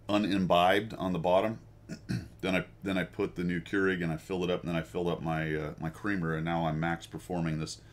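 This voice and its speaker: A middle-aged American man with a deep, low voice hosts a casual chat for his viewers. He rambles from tangent to tangent, pokes fun at himself and laughs often. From United States. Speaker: host.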